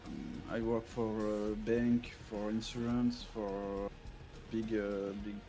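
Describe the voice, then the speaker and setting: A man with a French accent chatting in a game, speaking hesitantly and filling his pauses with "uh" and "um" as he restarts his sentences. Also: on the low side, dark tone, soft background music. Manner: hesitant, many fillers and restarts. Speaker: teammate in an online game. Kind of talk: casual gaming chat.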